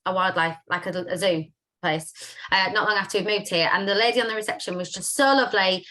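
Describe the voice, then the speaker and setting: A woman's voice: mid-range voice, fast, pushed and bright. A woman hosting a casual live video chat, upbeat and chatty, with lots of fillers. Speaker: host of a business chat.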